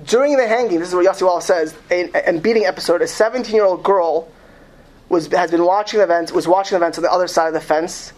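A woman's voice: lowish voice, a little mellow. A woman telling a dramatic true story, with frequent stumbles and restarts as she goes. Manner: dramatic, stumbling restarts, pauses to ask words.

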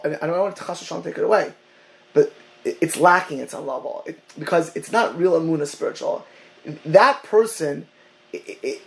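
A man with a fairly high, gravelly voice teaches a Torah class to listeners on a call. He speaks in halting bursts, restarting and repeating words. He drops Hebrew and Yiddish terms into his English. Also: poor audio.

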